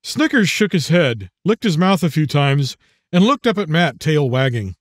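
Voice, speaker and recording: A man narrating his own audiobook in a measured, even storytelling manner. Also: fairly high pitch, dry recording, clean studio sound.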